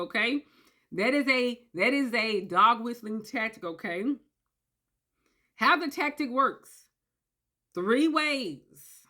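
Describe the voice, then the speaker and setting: A woman giving a casual explainer, emphatic and animated, often checking in with "okay?" and acting out quoted voices. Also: fairly high pitch. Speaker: commentator on narcissistic abuse. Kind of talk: casual talking-head explainer.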